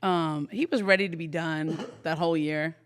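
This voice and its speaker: Woman sports reporter, guest on a podcast, lively anecdote teller with easy laughs. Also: low voice, moderate pace, clear, resonant tone. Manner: animated storyteller, laughs often. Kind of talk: casual podcast chat.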